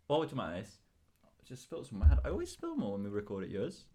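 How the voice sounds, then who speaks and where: A man's voice: medium pitch, huge pitch swings, racing, dark tone. A man co-hosting a podcast in casual chat, teasing and arguing playfully. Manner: teasing, argumentative. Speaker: podcast co-host.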